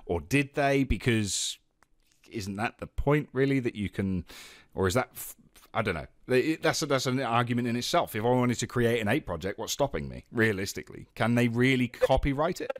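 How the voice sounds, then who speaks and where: A man hosting a casual podcast chat, speaking in what he calls a monotone. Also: mid-range voice, moderate pace, no room sound, clean studio sound. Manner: self-described monotone delivery. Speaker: podcast host.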